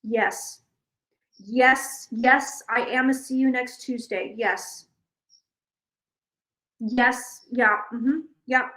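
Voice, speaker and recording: A woman's voice: a little high, drawn-out words, pauses often, roomy sound, rough recording. A woman playing a blunt, unhelpful female insurance phone rep who keeps brushing off the caller. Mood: dismissive. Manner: flat, dismissive, repeating "yeah, no".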